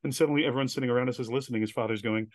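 A man as an interview guest, telling animated stories and acting out the voices of people he quotes. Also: mid-range voice, racing, no echo. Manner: animated storyteller who acts out quoted voices. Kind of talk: casual storytelling interview.

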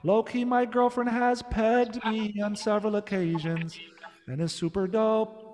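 A man's voice: high voice, fairly even intonation, measured pace, darkish tone. A man doing a comedy song set on a club stage, bantering crudely and playfully between verses. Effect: auto-tune on the singing. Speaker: comedian performing songs. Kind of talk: live comedic song set with spoken asides. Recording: reverberant live room with guitar.

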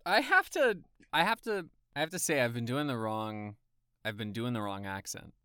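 A man co-hosting a casual podcast. His voice is smooth and resonant, and his pitch swings widely as he reacts playfully to the news he reads out. The close mic gives a dry sound with no room echo. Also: moderate pace. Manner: animated, playful, reads quotes aloud. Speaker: podcast co-host.

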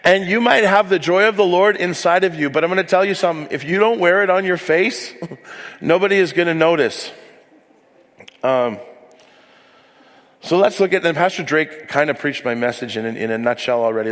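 A man's voice: on the high side, normal speed, fairly bright tone, in a large hall. A man preaching as a pastor, telling candid, self-deprecating stories with frequent asides. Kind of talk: sermon. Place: church hall.

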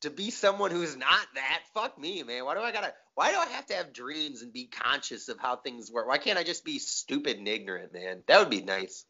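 A man's voice: medium pitch, fairly quick, few pauses. A young man, chatting casually and profanely as a comedian co-host, slipping into mocking voices. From Metro Detroit area. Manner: profane, animated, mocks locals in exaggerated voices. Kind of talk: casual chat. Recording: lo-fi dull audio.

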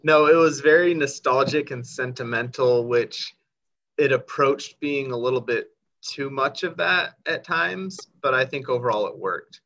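A man's voice: medium pitch, unhurried, fairly bright tone. A man on a casual film podcast, sharing his opinion hesitantly with lots of fillers. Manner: hesitant, rambling, many fillers. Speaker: podcast co-host. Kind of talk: casual chat. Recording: dull lo-fi mic.

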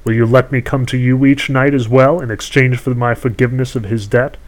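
A scheming ageless sorceress who trades in stolen youth, as a man reads her out in a storybook. She talks down coolly, haggling, her voice lifting higher and louder when she presses her bargain. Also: steady tone, brisk, lightly acted, rough recording. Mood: scornful. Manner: cool, bargaining, condescending.

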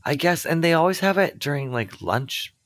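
A man with a somewhat high, lively voice co-hosts a podcast, chatting casually at a moderate pace. His tone is fairly bright and the audio is clean studio quality with no echo. He talks loosely, using plenty of fillers and laughing often.

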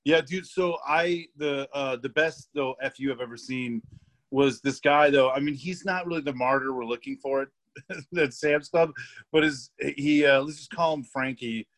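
A man's voice: medium pitch, moderate pace, a bit bright. A young man guesting on a podcast, telling work stories in a rambling, laughing way with lots of fillers and swearing. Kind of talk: casual storytelling chat.

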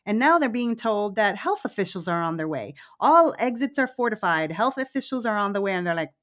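A woman co-hosting a podcast, recapping a movie in a casual, animated way, swearing freely and laughing easily. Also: medium pitch, a little fast. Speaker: podcast co-host.

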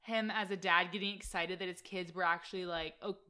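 Bright-voiced chatty woman co-host. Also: on the low side. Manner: chatty, animated, quick asides and mock voices. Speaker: podcast co-host. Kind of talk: casual reality-TV recap chat.

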